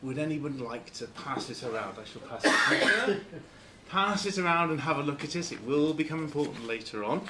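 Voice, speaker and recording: Halting man giving a club talk. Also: a little high, lively intonation, background noise. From Lancashire, England. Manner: halting, many fillers and restarts. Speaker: guest speaker. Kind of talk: informal club lecture.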